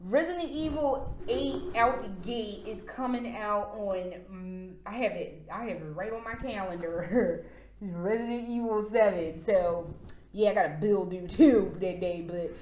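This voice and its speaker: A woman's voice: medium pitch, a little slow, a little mellow, slight background noise. A woman vlogging about video games in a casual, sarcastic, profane rant. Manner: sarcastic and profane, with frequent laughs. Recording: roomy echo.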